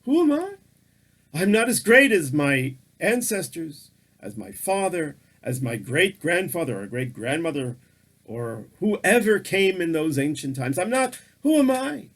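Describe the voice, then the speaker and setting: A man voicing a gravelly, doubting old sage. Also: high-pitched, sing-song, measured pace, fairly bright tone, full character voice. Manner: pleading, self-doubting questions. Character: humble hesitant ancient male sage, self-doubting.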